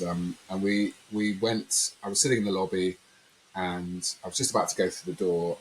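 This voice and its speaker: In a conversational interview, a podcast guest with a low-pitched voice shares a personal story, rambling along and animatedly acting out quotes. The recording is low quality with slight background noise.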